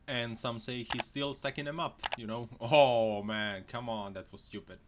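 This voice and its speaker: A man hosts a casual clip show and talks slowly between bursts of laughter. His pitch swings widely as he shouts at the clips and cracks jokes. Steady noise sits under the recording. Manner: laughs often, exclaims loudly at crashes; jokey, slips into silly put-on voices. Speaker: host. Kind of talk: casual commentary over clips. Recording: noisy background.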